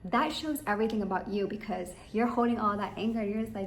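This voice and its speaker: A business coach speaks with a mid-range voice at a moderate pace. She rambles through emphatic advice aimed directly at her listeners, recorded in an echoey room with faint background noise.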